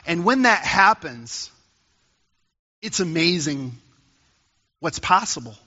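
Bright-voiced pastor in a reverberant church. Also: male voice, on the high side, very animated, slow pace, highs cut off. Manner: conversational storytelling with rising emphasis. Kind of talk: sermon.

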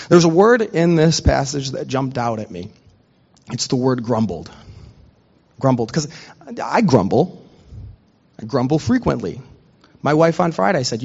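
A man preaching a sermon, telling funny family stories and acting out quick quoted exchanges before moving into scripture. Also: medium pitch, darkish tone, highs cut off. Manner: storytelling with quick quoted asides, conversational. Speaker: pastor.

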